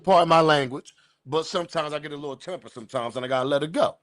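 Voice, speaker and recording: A man's voice: on the high side, fast talker. Heated ranting man hosting a livestream. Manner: loud, heated, profane, addresses chat directly. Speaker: livestream news host. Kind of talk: ranting live commentary.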